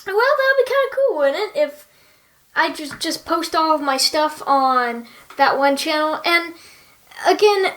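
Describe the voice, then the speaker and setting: High-voiced bubbly young woman vlogging. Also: expressive, unhurried, a bit bright. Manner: bubbly, chatty, earnest. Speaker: YouTuber. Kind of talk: casual chat to viewers.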